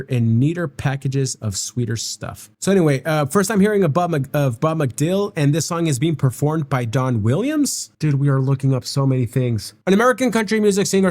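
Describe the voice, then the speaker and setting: A man's voice: on the high side, darkish tone. A young man hosting a reaction video, chatting casually and reading notes aloud, often stumbling over names and correcting himself.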